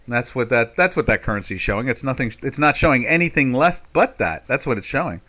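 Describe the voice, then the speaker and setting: An older man in his sixties talks through currency charts live in a rambling, folksy way, with sarcastic asides about governments. His voice is bright and forceful, at an ordinary middle pitch for a man. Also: expressive, fairly quick. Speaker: market commentator. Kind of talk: live trading commentary.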